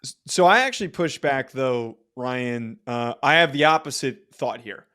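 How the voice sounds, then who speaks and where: A man's voice: mid-range voice, expressive, bright, forceful tone, smooth. A man co-hosting a sports podcast who lays out a counterargument step by step in casual debate. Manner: measured, argues a counterpoint step by step. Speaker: podcast co-host.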